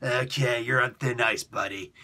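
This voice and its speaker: A man's voice: medium pitch, steady tone, normal speed, bright, forceful tone, pitched below the performer's own voice. A man putting on a well-known wrestling promoter's voice, playing a domineering boss who barks curt orders in a meeting. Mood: gruff.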